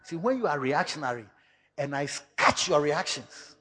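A male pastor preaching a sermon in an animated way, slipping into local-language phrases and bursting into sudden shouts. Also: fairly high pitch, moderate pace, long reverb tail.

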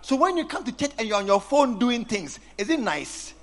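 A man's voice: very high voice, sing-song, moderate pace, a bit bright. A man preaching a sermon, teasing and acting out scenes with his congregation. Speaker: pastor.

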